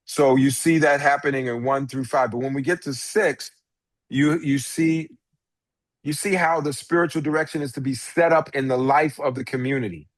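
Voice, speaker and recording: A man's voice: mid-range voice, steady tone, moderate pace, no room sound. A pastor giving an informal Bible class lecture, talking conversationally and restarting phrases as he explains. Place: church classroom.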